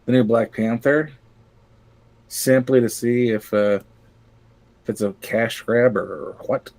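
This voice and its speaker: A man's voice: medium pitch, takes it slowly, vocal fry, a little mellow. A man chatting casually on a podcast, rambling with lots of fillers, cracking crude jokes and laughing often. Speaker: podcast co-host. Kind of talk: casual chat.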